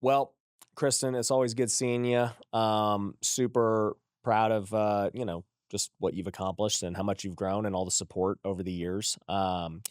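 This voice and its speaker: A man in his thirties hosting a casual interview, affirming his guest and wrapping up with a relaxed plug. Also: fairly low pitch, normal speed, no echo, clean studio sound. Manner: affirming, short backchannels, relaxed promo wrap-up. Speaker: podcast host.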